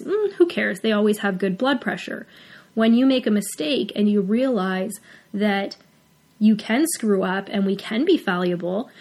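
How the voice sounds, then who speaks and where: A woman's voice: mid-range voice, a little mellow. A woman veterinarian hosting a talk, speaking earnestly and at times emotionally as she encourages other vets. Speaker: host. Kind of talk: heartfelt advice talk.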